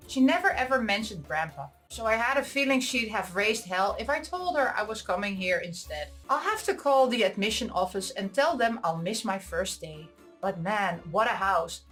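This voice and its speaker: A woman reading a visual novel aloud, with giggly, excitable asides between the lines. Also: medium pitch. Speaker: visual novel let's player. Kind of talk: reading a game aloud with reactions.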